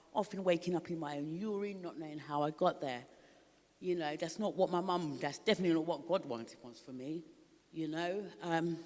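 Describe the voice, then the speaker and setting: A woman's voice: low voice, a little mellow. Middle-aged woman from Africa, raw emotional testimony, in a reverberant hall. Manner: candid, emotional, laughs often. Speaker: recovery ministry speaker. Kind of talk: personal testimony.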